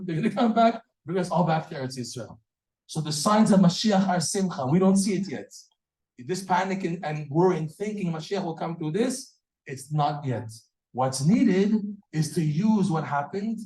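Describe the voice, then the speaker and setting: A man giving a lively Torah class, acting out stories and laughing at his own jokes. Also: on the high side. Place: hall or synagogue with audience. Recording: echoey room.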